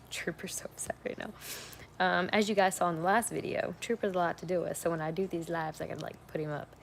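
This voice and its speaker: Gravelly-voiced young woman chatting on a livestream. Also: fairly low pitch, fairly even intonation, brisk, a little hiss or hum. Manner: chatty, frank, rambling with fillers. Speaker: livestream host. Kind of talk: casual livestream chat. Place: at home on a couch.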